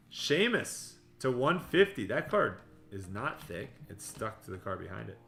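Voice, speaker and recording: Bright-voiced man hosting a card-break stream. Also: medium pitch, lively intonation, vocal fry. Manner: rapid running patter of player names, joking asides. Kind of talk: livestream card-opening patter. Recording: echoey room with music behind.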